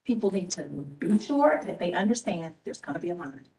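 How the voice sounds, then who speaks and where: A woman's voice: fairly low pitch, very animated, brisk, warm tone, distant mic, low-quality recording. A tired woman, an elections official giving impassioned, repetitive, scolding remarks at a public board meeting. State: tired and emotional. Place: government meeting room.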